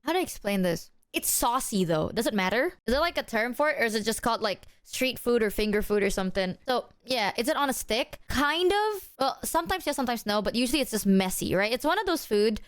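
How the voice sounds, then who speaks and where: A woman's voice: fairly high pitch, sing-song, fast, hardly any pauses, clean tone. A young adult woman streaming casually, rambling with lots of fillers, swearing and talking to her chat. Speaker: VTuber streamer.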